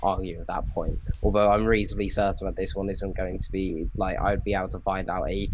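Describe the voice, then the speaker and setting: A man in a casual voice chat debate, speaking in a measured, careful way with hesitant restarts. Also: sits low, flat delivery, highs cut off, a little hiss or hum. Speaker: debate participant.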